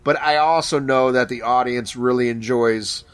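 A male podcast co-host in loose, casual chat, going off track with crude jokes and restarts. His voice sits at a middle pitch. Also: fairly even intonation, moderate pace, a bit bright, clean tone. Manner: rambling, crude, joking.

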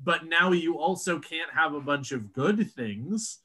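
A man's voice: a little high, animated, unhurried, bright, forceful tone, breathy edge. A man co-hosting a casual podcast, explaining ideas at length and swearing when amused. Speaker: podcast co-host. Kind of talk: casual chat.

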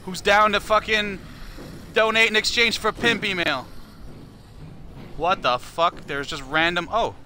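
Man, live streamer, casual profane chat, mocking, slightly high voice, very bright tone. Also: fairly even intonation, measured pace, pauses often, slight background noise.

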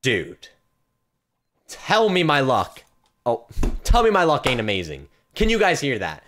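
A young man streaming a video game and unboxing cases, excitable, swinging from hushed mumbling to loud yelps and repeating phrases in rapid strings. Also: mid-range voice, slight background noise. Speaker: gaming streamer. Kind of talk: live-stream case unboxing commentary.

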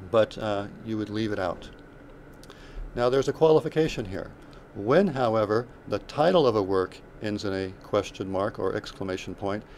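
A man's voice: on the low side, a little mellow, a little hiss or hum. A man teaching a recorded writing lesson, working through examples one step at a time with fillers and self-corrections. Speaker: writing instructor.

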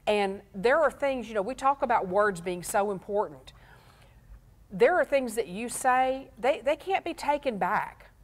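A woman's voice: on the high side, animated, measured pace. Earnest woman explaining with examples. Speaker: pastor and show co-host. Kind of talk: casual teaching talk on marriage.

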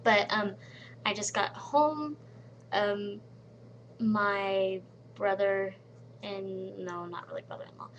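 Woman, casual vlogger, average pitch, rambling delivery with murmured asides, home webcam setup. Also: steady tone, takes it slowly, long pauses, lo-fi sound, a little hiss or hum. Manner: rambling, many "um"s, drops into soft murmured asides. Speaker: vlogger in a collab channel. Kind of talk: casual chat to camera. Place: at home, late at night.

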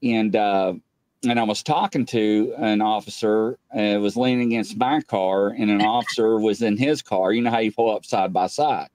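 A middle-aged man, a police captain as the show's guest, telling a casual rambling story full of filler "uh"s and quoted dialogue he acts out with sudden jumps up in pitch. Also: normal speed, no echo. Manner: animated, jumps up in pitch when acting out quoted speech; loose and rambling with many filler "uh"s.

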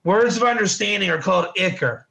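A man's voice: sits high, animated, brisk, gravelly, sharp tone. A man teaching a casual Bible study class, chatty, often repeating himself and quizzing his students. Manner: chatty, repeats words and restarts, asks the class questions. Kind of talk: informal class lecture.

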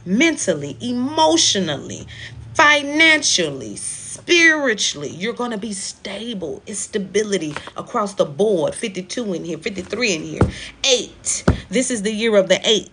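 A woman's voice: medium pitch, bright, forceful tone, a little hiss or hum. Emphatic woman giving a spiritual reading. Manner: emphatic, repetitive, preachy with African American Vernacular phrasing. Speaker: spiritual card reader on a live stream. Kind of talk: live stream tarot-style reading.

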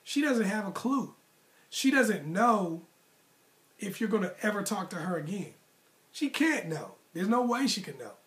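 Slightly high-voiced man giving dating advice. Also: sing-song, a little slow, fairly bright tone. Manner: emphatic, repetitive, motivational; casual slangy phrasing. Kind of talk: direct-to-camera advice monologue.

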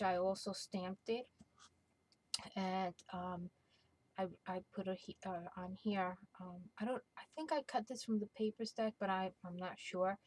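A middle-aged woman casually showing a handmade craft album, talking in a gentle, hesitant way with many ums and restarts. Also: mid-range voice, no echo, low-quality recording. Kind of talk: casual show-and-tell.

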